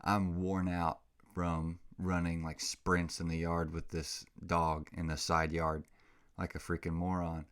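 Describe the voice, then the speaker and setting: A man's voice: sits low, monotone, measured pace, a bit bright, clear, resonant tone. A man hosting a casual solo podcast, rambling and self-mocking, a little out of breath, close on a microphone. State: slightly out of breath. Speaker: podcast host.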